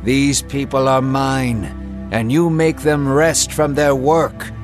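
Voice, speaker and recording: A man's voice: medium pitch, steady tone, slow, natural voice. A man voicing a proud, defiant Egyptian king who speaks in a cold, dismissive way. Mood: scornful. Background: music.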